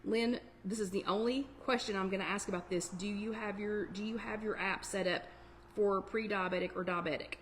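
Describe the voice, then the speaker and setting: A woman's voice: mid-range voice, fairly even intonation, a little fast, a little hiss or hum. A woman hosting a casual live-stream chat, talking in a chatty, digressive way and answering viewers' comments. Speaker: host of a weight-loss support chat.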